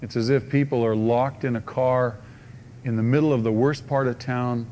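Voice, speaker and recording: A man preaching a sermon as pastor, swinging from rising, loud repeated cries to a hushed, soft pleading voice. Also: medium pitch, fairly even intonation, moderate pace, slight background noise.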